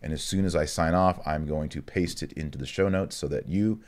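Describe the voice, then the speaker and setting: A man with a very low, deep voice leads a relaxed video lesson on Latin prayers. He sounds out each word slowly and carefully, then drops into easygoing, chatty explanations. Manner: slow, careful enunciation of Latin words, chatty asides. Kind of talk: casual online lesson, reading and explaining prayers.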